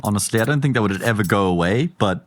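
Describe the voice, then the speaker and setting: A man with a South African accent calls a match from the caster's desk, his voice sitting on the low side. He moves between quick play-by-play and easygoing banter with his co-caster. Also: lively intonation. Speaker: esports caster. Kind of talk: play-by-play commentary.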